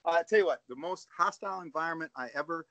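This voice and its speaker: A man, a guest coach on a casual podcast call, telling animated stories and often asking "right?". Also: a little high, quick pace, creaky, no echo, muffled recording. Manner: storytelling, animated, says "dude" and "right?".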